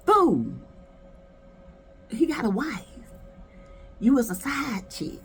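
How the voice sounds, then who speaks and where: Woman video reviewer, sassy and gossipy, bouncy high-ish voice over faint music. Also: very animated, slow pace, pauses often. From South Carolina, US. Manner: sassy, gossipy, dramatic asides. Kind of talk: casual commentary.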